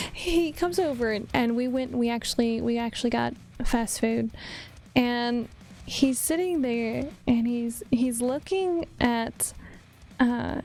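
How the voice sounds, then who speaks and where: A vtuber art streamer, a young woman with a slightly high, slightly mellow voice, chats casually with her viewers while drawing. She rambles and laughs a lot, and there's a bit of background noise.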